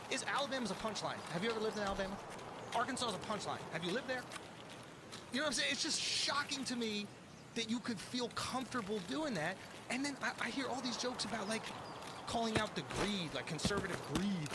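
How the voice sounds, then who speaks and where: Ranting man with a higher voice. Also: animated, fast. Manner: incredulous, ranting, profane. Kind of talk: casual chat. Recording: clear background noise.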